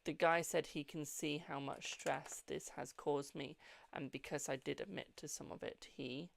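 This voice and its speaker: Gravelly, chatty British tarot reader. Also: medium pitch, fairly even intonation, normal speed. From United Kingdom. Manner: chatty, swears freely, calls viewers "my darling". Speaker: tarot reader hosting a live stream. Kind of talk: casual live-stream card reading.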